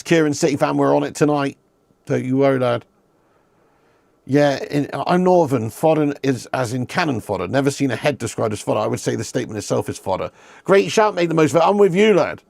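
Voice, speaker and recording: Hosting a live football watch-along, a man with a medium-pitched, creaky, slightly mellow voice talks fairly quickly with lively intonation. He banters with viewers, reads their messages, swears and laughs a lot, with no room sound in this casual stream.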